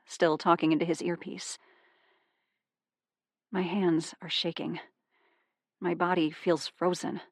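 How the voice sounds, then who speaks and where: Low-voiced woman narrating a thriller. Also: creaky, no room sound, studio quality. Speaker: audiobook narrator. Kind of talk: first-person thriller narration.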